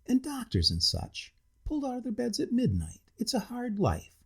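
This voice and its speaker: A man reads as a tipsy, pompous middle-aged gentleman in a storybook, overly polite and slow with drink. The voice is gravelly and husky, and it swoops widely up and down. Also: very high-pitched, huge pitch swings, voice pushed up, exaggerated voice. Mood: ponderous sympathy. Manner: overly civil, ponderous, slightly drunk.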